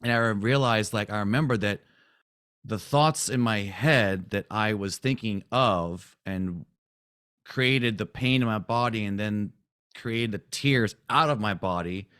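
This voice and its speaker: Low-voiced man retelling a story. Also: unhurried, clean tone. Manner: animated retelling, acts out quotes, frequent "right?". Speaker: spiritual coach. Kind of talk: casual storytelling to a group.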